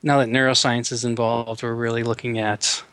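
A man's voice: mid-range voice, flat delivery, moderate pace, a bit bright, smooth. A male neuroscientist explaining ideas as a guest in a casual interview, with many "you know" fillers.

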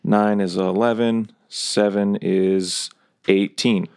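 Low-voiced man asking rules questions. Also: steady tone, takes it slowly, creaky, darkish tone, clear, resonant tone. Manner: easygoing, asks rules questions. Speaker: player. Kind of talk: casual game table chat.

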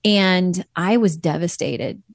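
A woman's voice: lowish voice, takes it slowly, no echo, clean studio sound. A woman guest telling a personal story of faith in an earnest, reflective way. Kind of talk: personal faith testimony in an interview.

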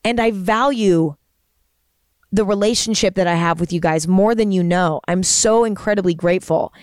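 A woman's voice: mid-range voice, normal speed, a little mellow, clean tone, dry recording, clean studio sound. A woman hosting a podcast, talking in a casual, earnest and rambling way, full of fillers and restarts. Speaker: podcast host. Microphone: studio microphone.

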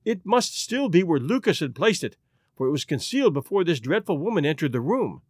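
Read by a man, a troubled young wife pours out her confession in an earnest, halting voice, her pitch rising and falling widely. The delivery sits slightly high for a man, and the sound is close and dry. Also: very animated, breathy edge, no echo. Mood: anxious. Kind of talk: audiobook reading.

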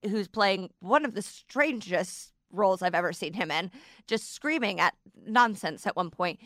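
A woman's voice: medium pitch, expressive, normal speed, a bit bright, dry recording, clean studio sound. A young adult woman from a northern US state, a podcast guest riffing jokingly with quoted asides. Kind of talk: casual panel chat.

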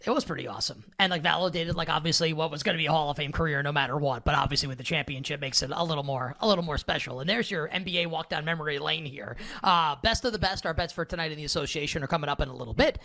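A man hosting a sports betting show, wrapping up segments in a brisk, upbeat way. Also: a little high, creaky, sharp tone. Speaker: podcast host. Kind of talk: casual sports talk hosting.

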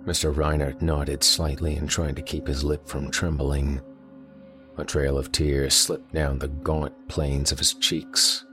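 A man reading a first-person horror story in a steady, measured way. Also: very deep voice, music in the background. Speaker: audiobook narrator.

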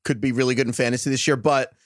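A man's voice: medium pitch, no room sound, studio quality. A man with a New York accent, hosting a casual sports podcast and joking through running back rankings. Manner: fast, animated, joking. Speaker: podcast host.

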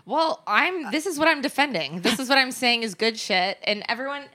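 A woman's voice: on the high side, expressive, brisk, sharp tone. A woman co-hosting a podcast, talking casually and gushing with enthusiasm. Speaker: podcast co-host.

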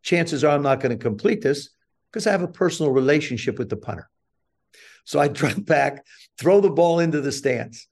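Animated older man telling a story. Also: on the high side, normal speed, vocal fry. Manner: animated, self-deprecating storyteller who acts out quotes. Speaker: guest. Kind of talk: storytelling interview.

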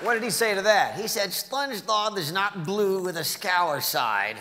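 A man's voice: sits high, animated, normal speed, over a noisy crowd, very noisy. A man voicing a grumpy, crotchety old man puppet in a live ventriloquist stand-up act, cranky and sarcastic with blunt insults. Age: older. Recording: live hall with loud audience laughter.

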